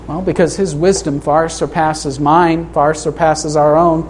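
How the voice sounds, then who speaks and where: A middle-aged man preaching a sermon in a church, earnest, slowing down to read scripture and lifting his voice for emphasis. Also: little pitch movement, slight background noise. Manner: earnest, rises in pitch for emphasis, reads scripture slowly. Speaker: pastor. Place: church sanctuary.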